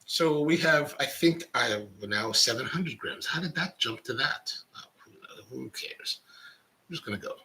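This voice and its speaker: A man's voice: medium pitch, expressive, measured pace, sharp tone, a little hiss or hum, low-quality recording. A middle-aged man hosting a coffee show, chatting casually and rambling as he reads out viewer comments. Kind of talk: casual live-stream chat.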